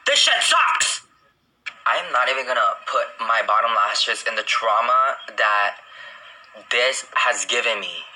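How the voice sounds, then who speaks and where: A man's voice: mid-range voice, steady tone, measured pace, sharp tone, rough recording. A man talking casually through his makeup routine in a sassy, profane, exclamatory way. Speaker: beauty vlogger. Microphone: phone close up. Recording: phone story audio with background noise.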